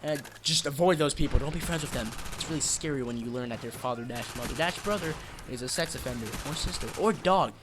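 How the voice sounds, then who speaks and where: A man hosting his own channel, rambling through dark jokes and cutting himself off mid-sentence. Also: medium pitch, quick pace, hardly any pauses, background noise. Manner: rambling, dark-joking, self-interrupting. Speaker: channel host. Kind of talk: joking rambling vlog.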